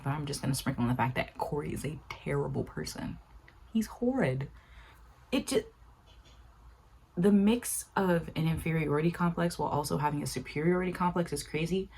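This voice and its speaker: Young woman, low and husky voice, casual vlog commentary, exasperated and animated. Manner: animated and exasperated, acting out quotes with jumps in pitch. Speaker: video essay creator.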